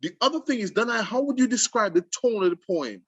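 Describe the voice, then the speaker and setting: A man hosting a casual poetry discussion for students, explaining emphatically with lively restarts. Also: sits high, quick pace, slightly rough. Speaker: host.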